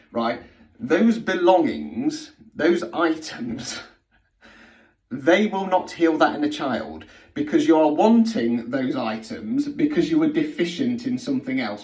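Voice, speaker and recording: A man's voice: a little high, a little mellow, distant mic. A middle-aged man, giving a blunt, sweary spiritual healing talk that he keeps punctuating with "okay?". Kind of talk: blunt direct-to-camera monologue. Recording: roomy sound from off the mic.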